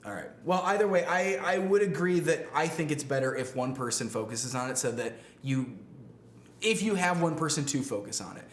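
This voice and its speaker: A man hosting a live stream, reading out viewer questions in relaxed, chatty talk. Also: fairly high pitch, brisk. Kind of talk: casual live-stream chat. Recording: echoey room, faint noise.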